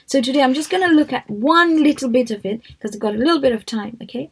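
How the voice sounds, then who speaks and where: A middle-aged woman giving a live devotional talk, speaking gently, often dropping to a soft near-whisper as she tells stories and leads listeners in recitation. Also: high voice, fast, breathy edge, low-quality recording. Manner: storytelling, guiding listeners to recite along. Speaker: religious speaker.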